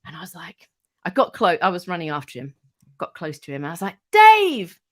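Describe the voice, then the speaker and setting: A middle-aged woman, a radio presenter telling casual anecdotes as a podcast guest, animated and freely swearing. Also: lowish voice, fast. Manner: animated, acts out quoted voices, swears freely.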